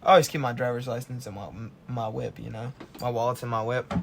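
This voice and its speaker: A man's voice: mid-range voice, little pitch movement, fast, vocal fry, over music. A young man co-hosting a podcast, chatting casually and laid-back as he recalls a night in the dorms. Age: young adult. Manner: laid-back, prompting questions. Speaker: podcast co-host. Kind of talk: casual chat.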